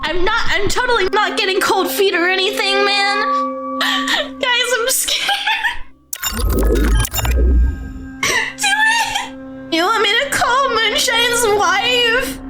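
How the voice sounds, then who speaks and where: A performer voicing a boastful cartoon guy who brags and then gets jittery, in an animated comedy sketch. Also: extremely high pitch, slow, pauses often, heavily acted. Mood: nervous. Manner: brash bragging, then nervous babbling. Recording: music bed under the voice.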